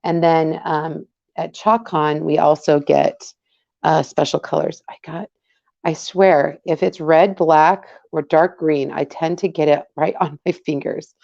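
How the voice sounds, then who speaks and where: A woman's voice: sits low, steady tone, unhurried, vocal fry, a little mellow. A woman casually demonstrating a craft project, chatty and greeting viewers by name as she works. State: hiccups. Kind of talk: casual live craft tutorial. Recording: dull lo-fi livestream audio.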